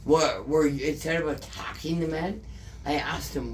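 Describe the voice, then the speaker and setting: A woman's voice: low-pitched, normal speed, darkish tone, slight background noise. A woman with a Canadian accent, telling an emotional story in a casual interview, swearing often and repeating herself. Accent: Canadian English.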